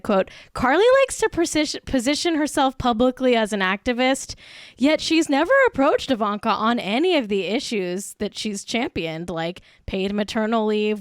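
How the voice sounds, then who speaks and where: A woman's voice: mid-range voice, no echo, studio quality. A tipsy woman hosting a celebrity gossip podcast, talking in a giggly, profane, gleefully catty way. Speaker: podcast host. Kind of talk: casual celebrity gossip chat.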